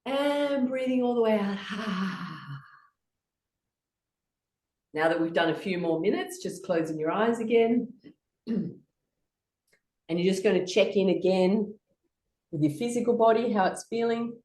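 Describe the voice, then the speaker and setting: A woman's voice: mid-range voice, animated, a little slow, pauses often, darkish tone. Playful woman leading laughter yoga, roomy. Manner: playful, encouraging, guiding. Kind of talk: guided laughter yoga session. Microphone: video call. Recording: roomy, distant from the mic.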